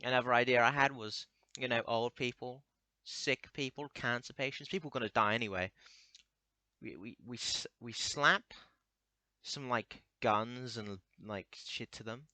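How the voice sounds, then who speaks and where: Young man, crude rambling monologue, stammering restarts, bright tense tone, dry close sound. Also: mid-range voice, a little slow, dry recording.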